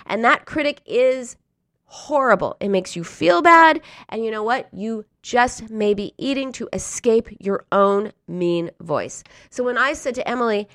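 A woman's voice: fairly high pitch, expressive, unhurried, a bit bright, no room sound, studio quality. A woman giving an earnest, encouraging coaching talk to listeners, now and then acting out a harsh inner voice. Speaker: speaker on emotional eating.

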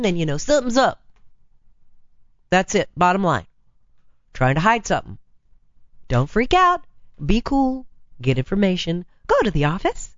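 A woman hosting a talk radio advice show, chatty, blunt and teasing, with a raspy, hoarse voice from laryngitis, talking into a studio microphone. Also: on the low side, dry recording, lo-fi sound.

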